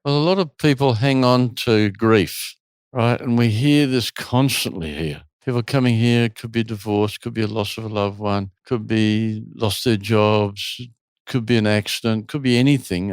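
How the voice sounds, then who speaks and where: A man's voice: on the low side, moderate pace, clear, resonant tone, no room sound. A man who runs a retreat, telling a long story in an interview and acting out the people in it. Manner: animated storyteller, acts out quotes. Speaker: retreat host.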